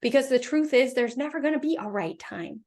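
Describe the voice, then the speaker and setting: High-voiced woman giving a motivational talk. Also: a little fast, a little mellow. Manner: storytelling with acted voices. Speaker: host.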